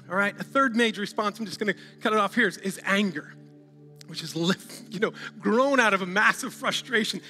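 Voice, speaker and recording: A male pastor with a high, bright, ringing voice preaches to his church, urging and calling out to the congregation and breaking into laughs. His voice carries a long reverb from a large hall, with faint music underneath. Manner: exhorting, calls out to the congregation, laughs often. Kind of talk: sermon.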